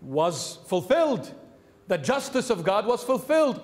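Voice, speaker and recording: A man, a bishop, preaching a sermon emphatically, repeating key phrases and dropping suddenly to a hush. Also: sits high, animated, normal speed, long reverb tail.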